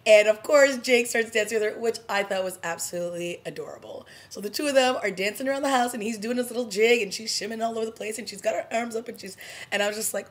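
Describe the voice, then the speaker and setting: A woman talks through a TV episode for her vlog in a casual, animated way. She laughs often and slips in dramatic asides. Her voice sits in a middling pitch for a woman. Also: fast talker. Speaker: TV review vlogger. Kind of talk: casual recap chat.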